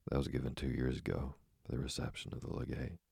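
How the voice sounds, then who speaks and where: A man's voice: a bass voice, quick pace, vocal fry, a little mellow, husky, dry recording, studio quality, exaggerated voice. A man reading the part of a prim, timid young girl in a sleep story, in a correcting tone.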